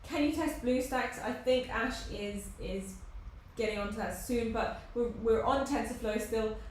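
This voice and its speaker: A woman's voice: fairly high pitch, measured pace, a little hiss or hum. A woman co-hosting a live tech stream, chatting playfully and reading out viewers' comments. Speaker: tech show co-host. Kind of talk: casual live-stream chat. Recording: very echoey room, mic at a distance.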